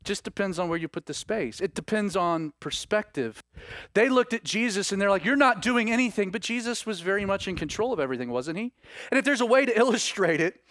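A man preaching a sermon in an animated way, acting out the voices he quotes. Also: high-pitched, fairly quick, no echo.

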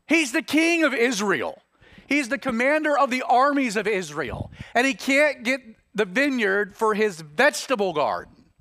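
A man preaching an expository sermon, explaining a passage in an animated, conversational way with informal asides. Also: very high-pitched, normal speed, dry recording, studio quality. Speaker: pastor.

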